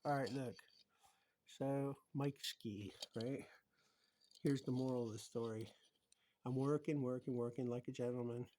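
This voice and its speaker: A man talking casually through his homemade guitar pedals in a rambling, meandering way, often trailing off into low murmurs. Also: steady tone, unhurried, long pauses, warm tone. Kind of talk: casual show-and-tell vlog.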